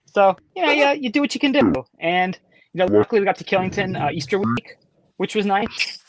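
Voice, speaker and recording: A man's voice: high voice, fairly quick, creaky, a little hiss or hum, low-quality recording. A man chatting as a podcast guest, rambling with lots of you-knows. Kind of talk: casual chat.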